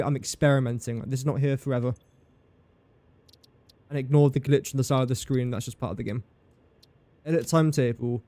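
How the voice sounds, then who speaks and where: A man's voice: medium pitch, dark tone, no echo. A man streaming live gameplay commentary, thinking aloud in a chatty way, talking to his game and to viewers in chat.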